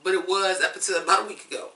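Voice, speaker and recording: A woman's voice: lowish voice, steady tone, rapid-fire, sharp tone, reverberant. A woman reviewing songs in a blunt, profane, fired-up rant. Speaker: music reviewer. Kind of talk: ranting song review.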